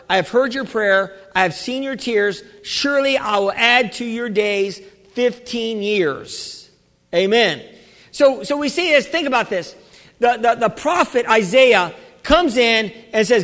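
A man preaches a sermon in a church, his voice set very high for a man. He halts and restarts often, then rises to shouts. A long reverb from the large hall trails behind every phrase. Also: animated. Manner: halting preacher, many restarts, rising to shouts. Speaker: pastor.

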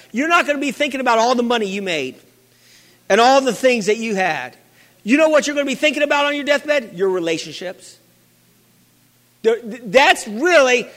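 In a church hall with the long reverb of a big space, a male pastor with a very high, bright, forceful voice preaches a sermon. He repeats his phrases and calls out to the congregation for amens.

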